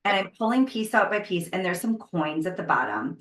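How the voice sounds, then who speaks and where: A woman co-hosting a podcast, telling a long personal story in casual chat and acting out her own panic in sudden high bursts. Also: animated, brisk, fairly bright tone, roomy sound. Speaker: podcast co-host.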